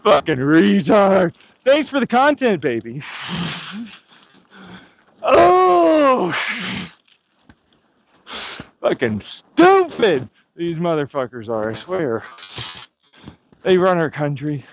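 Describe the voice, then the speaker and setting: A man's voice: a little high, very animated, a little slow, a little hiss or hum. A man vlogging outdoors on a hike, ranting in a sarcastic, profane, mocking way as if heckling an imagined crowd. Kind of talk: rambling outdoor vlog monologue.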